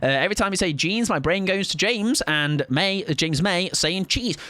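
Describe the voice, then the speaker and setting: A man's voice: high-pitched, expressive, normal speed, few pauses, bright, forceful tone, dry recording. Guy late 20s streaming, playful, argues with chat, voice bouncing all over, keeps repeating words. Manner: playful, argumentative, repeats words to test them. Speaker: game streamer. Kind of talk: casual live-stream chat.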